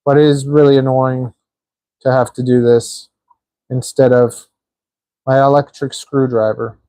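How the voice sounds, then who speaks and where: A man hosts a live stream while building a drone, joking and chatting casually as he puts small parts together, rambling with plenty of filler words. His mid-range voice is warm, a little slow, and fairly flat in pitch, and the recording is dry.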